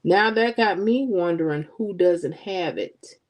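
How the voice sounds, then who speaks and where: A woman hosting a casual livestream, chatting with viewers and teasing them in a playful, animated way. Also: lowish voice, a little slow. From Florida. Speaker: livestream host. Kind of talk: casual chat with live viewers.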